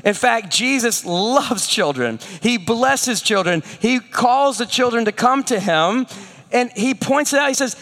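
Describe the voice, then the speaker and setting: A male pastor preaches in a high, lively voice that swoops up and down as he tells stories and asks rhetorical questions. His voice rings out with a long echo, as in a big hall. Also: slow. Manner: animated, storytelling, rhetorical questions. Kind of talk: sermon.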